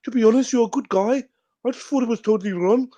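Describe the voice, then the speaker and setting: A man's voice: fast, warm tone. A man doing an eager apologetic young fan. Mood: ingratiating. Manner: eager, ingratiating, higher-pitched put-on accent.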